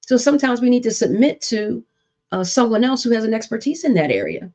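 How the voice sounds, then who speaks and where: A woman's voice: fairly high pitch, sing-song, fairly quick, dark tone, muffled recording. A woman therapist hosting a live-streamed relationship talk, speaking earnestly and repeating points with preacher-like emphasis. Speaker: therapist and show host.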